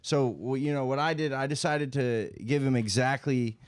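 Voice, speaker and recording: A man's voice: mid-range voice, steady tone, moderate pace, smooth, no echo. A young man co-hosting a podcast, telling a comedy story in a rambling, amused way and cutting himself off mid-sentence. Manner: rambling, amused, self-interrupting. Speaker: podcast co-host.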